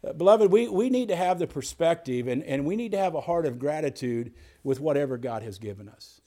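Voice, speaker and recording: A man's voice: fairly high pitch, expressive, fairly quick, warm tone. A man preaching as a pastor, earnest, often repeating words and restarting as he goes. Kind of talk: sermon.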